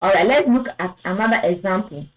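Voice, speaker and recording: A woman teaching French pronunciation, patiently repeating each word and affirming with a soft "yes". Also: mid-range voice, brisk, rough recording. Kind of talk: slow explanatory lesson.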